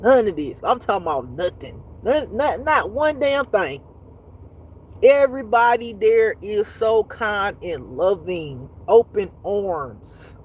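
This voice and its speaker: Over poor audio, a woman teaching intuitive spirituality talks slowly in a medium-pitched voice with a breathy edge. On her casual livestream she tells animated stories full of cursing and laughter, addressing viewers directly and reading out their comments.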